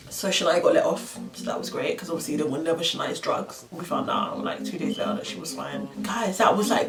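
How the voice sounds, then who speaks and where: A young woman, telling a story to camera and acting out the quotes with slang. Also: lowish voice. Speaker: vlogger. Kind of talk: storytime vlog. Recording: roomy sound from a distance with music.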